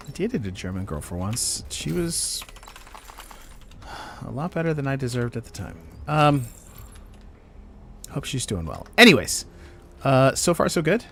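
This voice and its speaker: Speaking at medium pitch in a sing-song, somewhat bright way, a man streaming a video game from his on-camera home gaming setup talks unhurriedly and pauses often. He rambles to himself, dropping frequent fillers and leaving thoughts half-finished.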